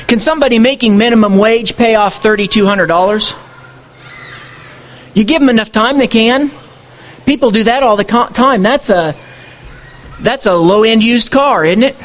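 High-voiced man preaching conversationally. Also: fairly bright tone. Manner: conversational preaching with rhetorical questions. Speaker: pastor. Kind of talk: sermon.

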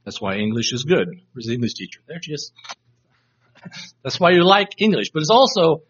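Very animated at a normal pace, a man with a fairly high, fairly bright, husky voice teaches a Bible study in a room with a live class. He reflectively reads verses aloud to try different inflections, in dull, lo-fi audio.

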